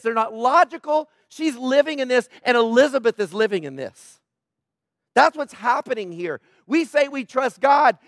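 A man's voice: high voice, no room sound, studio quality. A man preaching a sermon in a conversational way, joking with people in the congregation. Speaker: pastor.

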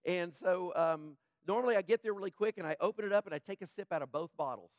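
A man with a high, slightly rough voice preaches to his congregation. He stays conversational, drifting into joking asides. The sound is dry and close, with no room around it. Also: fast, no room sound. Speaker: pastor. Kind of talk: sermon.

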